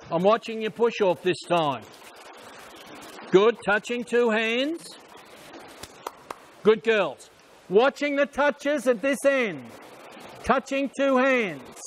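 A man coaching swimmers at a pool, calling out short repeated instructions and quick praise. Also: extremely high pitch, a little hiss or hum. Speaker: swim coach. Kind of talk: poolside coaching commands.

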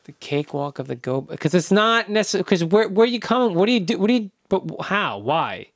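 Gravelly man bantering on a podcast. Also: sits high, very animated, no echo, clean studio sound. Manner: teasing, halting with restarts. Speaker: podcast co-host.

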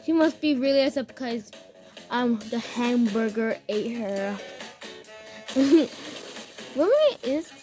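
A woman giving casual, excitable commentary while playing a game, gasping, giggling and squealing when scared. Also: a little high, slow, pauses often, soft background music. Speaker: gamer recording her play.

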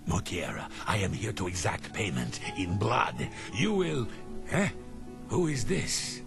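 An actor playing a menacing male lizard-folk enforcer in a video game, speaking in a slow, threatening drawl with a deep gravelly voice. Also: sing-song, full character voice. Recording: game audio, distant, over loud music.

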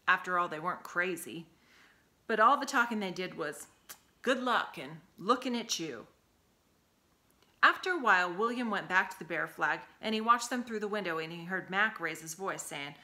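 Bright-voiced woman reading a novel aloud. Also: on the low side, gravelly. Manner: expressive storytelling. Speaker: community reader.

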